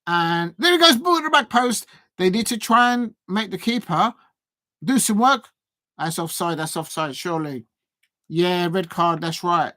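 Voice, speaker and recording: A man hosting a live football watch-along, chatting with viewers and getting excitable, even shouting, at big moments in the match. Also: high-pitched, a little slow, dry recording. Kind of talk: live match reaction and chat.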